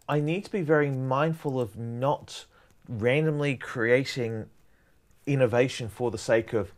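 A man's medium-pitched, somewhat mellow voice delivers a prerecorded university lecture. He explains things conversationally and loosely, drifting between points.

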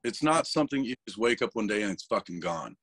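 A lower-pitched man in a candid interview, with an emotional, rough-edged way of speaking. He swears freely and often stumbles over his words. The sound is dry and close. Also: big pitch swings, quick pace, a bit bright, no echo. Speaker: interview guest, metal vocalist.

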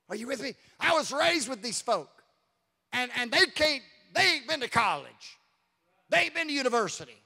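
A man preaching a fervent sermon as pastor, swinging from quiet asides to loud shouting. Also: very high voice, big-room sound. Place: church sanctuary.

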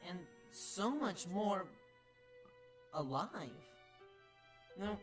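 An eager young shapeshifter prince marvels at everything around him, his voice leaping up and down, as a woman voices him. He mutters to himself in a fan-made cartoon, with clear music running underneath. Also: medium pitch, drawn-out words. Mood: wonder. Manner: wide-eyed, excitable, talks to himself. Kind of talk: fan-animated cartoon dialogue.

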